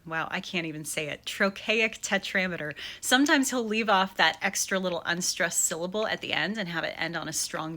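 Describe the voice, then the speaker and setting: Woman, young adult, bright tone, lively explanatory lesson, chants rhythms aloud. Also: on the low side. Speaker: acting coach.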